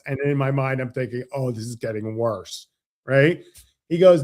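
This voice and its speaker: A man, a financial advisor guest on an interview show, explaining with animated stories and acted-out dialogue. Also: medium pitch, normal speed. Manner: animated, acts out quoted dialogue. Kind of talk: casual interview storytelling.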